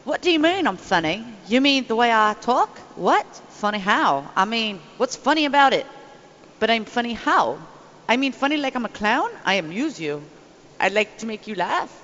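A woman's voice: on the high side, sing-song, normal speed, a bit bright, in a large hall, lo-fi sound, a little hiss or hum. A woman doing a touchy gangster in a wobbly British accent. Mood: mock-offended. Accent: mixed put-on British, a bit Cockney. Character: touchy male gangster, mock-offended.

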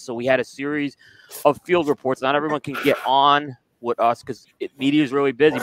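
Smooth-voiced male news segment host. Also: medium pitch, fairly bright tone, rough recording. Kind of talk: news roundup chat.

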